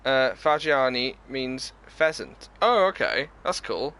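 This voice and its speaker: A man talks casually through a live gaming stream. His voice is bright and forward, and he reads viewers' comments aloud and chats back to them in an easy way. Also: mid-range voice, very animated, slow, slight background noise.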